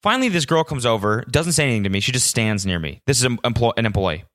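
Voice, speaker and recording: A man's voice: mid-range voice, sing-song, quick pace, a bit bright, no echo, clean studio sound. A man hosting a solo podcast, telling a story as an exasperated rant full of swearing. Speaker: podcast host.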